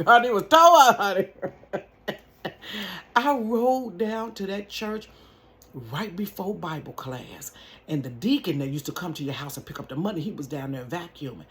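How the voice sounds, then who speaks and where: Woman vlogger, storytime, animated, folksy, home bedroom, talking to camera. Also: deep voice, normal speed. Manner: animated, folksy, addresses viewers as y'all and honey. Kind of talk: storytime vlog, telling a personal story. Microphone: camera at close range.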